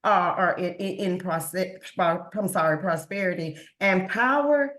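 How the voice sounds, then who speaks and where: A woman's voice: on the low side, unhurried, a bit bright, roomy sound. A woman guest on a podcast who speaks earnestly about faith and often repeats words when she is moved. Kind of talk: emotional interview talk.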